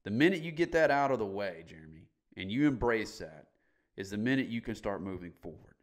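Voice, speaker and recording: A man's voice: on the low side, very animated, a little fast. A middle-aged man as a podcast guest, candidly telling his story in a blunt, emphatic way and swearing casually.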